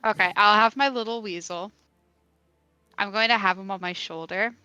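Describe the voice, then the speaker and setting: A woman's voice: mid-range voice, normal speed, pushed and bright, clean tone, no echo, lo-fi sound, faint music behind. A woman playing a tabletop game, giggling and hesitating as she describes her moves. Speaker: player.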